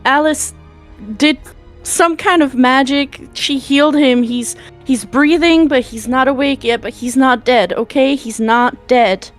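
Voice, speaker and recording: Fierce protective warrior woman, barking and swearing, raised pitch, played by a woman player. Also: unhurried, soft background music. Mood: reassuring.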